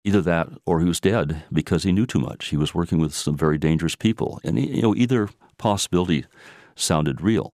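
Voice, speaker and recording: A man's voice: sits low, brisk, darkish tone, no echo, studio quality. A man in his sixties telling his own story, hesitant, often restarting and repeating words. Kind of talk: personal storytelling.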